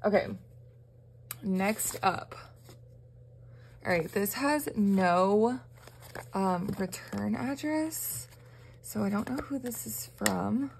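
A young woman from the American South chats to her viewers in a casual vlog, gushing and gasping with excitement. Her voice sits at an ordinary middle pitch. A faint hiss of room noise runs underneath. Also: slow, gravelly, pauses often. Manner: gushing, excitable, frequent gasps. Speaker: budgeting vlogger.

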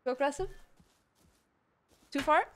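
A woman streamer bantering loudly and teasingly while playing an online game. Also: high voice, measured pace, a little hiss or hum. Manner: excitable, loud, teasing. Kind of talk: casual gaming banter.

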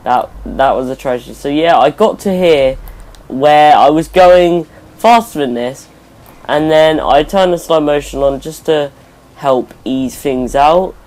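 Young guy rambling through a game playthrough, slow talker, voice sits a bit high. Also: a little mellow. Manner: chatty, rambling, self-correcting. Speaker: gaming YouTuber. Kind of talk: let's play commentary.

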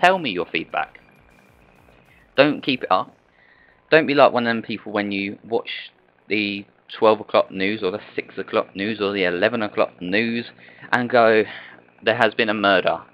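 A man's voice: fairly low pitch, normal speed, muffled recording. A young man giving rambling gameplay commentary, chatty and full of rhetorical questions to his viewers. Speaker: gaming channel host.

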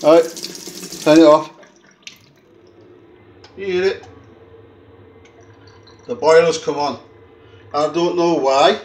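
A man chatting casually on a vlog, rambling and restarting as he tells a story while filming his own flat. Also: a little high, slow, pauses often. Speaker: vlogger.

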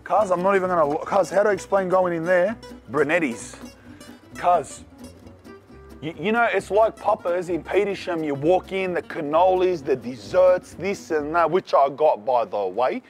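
Man, Australian accent, slightly high voice, slangy and excitable, casual food vlog, faint music behind. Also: moderate pace. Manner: slangy and excitable, calls the viewer "cuz". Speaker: food reviewer. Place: cafes and city streets.

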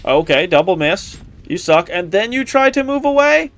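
A man with a fairly high voice streams a video game. He gives excitable running commentary and talks back to the characters on screen. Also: normal speed, slight background noise. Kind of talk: casual gameplay commentary.

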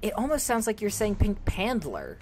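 A woman's voice: mid-range voice, wildly swooping pitch, normal speed, darkish tone, a little hiss or hum. A woman streaming a game, chatting with her viewers, joking and laughing often. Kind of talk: casual gaming stream commentary.

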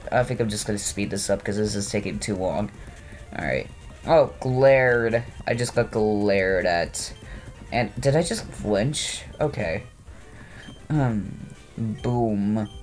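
A man's voice: lowish voice, darkish tone. A man giving casual commentary over a video game, rambling and poking fun at himself, with lots of "uh" and "like". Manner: rambling, self-mocking, full of fillers. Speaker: let's play host. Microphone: no webcam, voice recorded over gameplay.

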